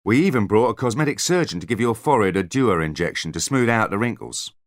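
A man voicing an eager, nervous male centaur technician who explains things hurriedly in a raised, lively voice. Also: on the low side, fast, no room sound, clean studio sound, pitched above the performer's own voice, natural voice. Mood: eager explaining.

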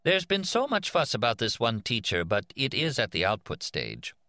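A cheerful middle-aged woman who is really the school's master circuit, as a male reader puts her on. She speaks brightly and briskly in a raised, lighter voice, sounding close and dry. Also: medium pitch, wildly swooping pitch, dry recording, pitched above the performer's own voice, heavily acted.

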